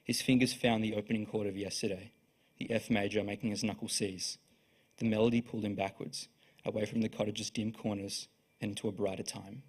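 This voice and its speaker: A young man reads his own prose aloud, slow and measured. His voice is low with a husky edge, and it barely rises or falls. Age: young adult. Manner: slow, even, measured reading. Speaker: student writer reading his work. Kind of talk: literary reading.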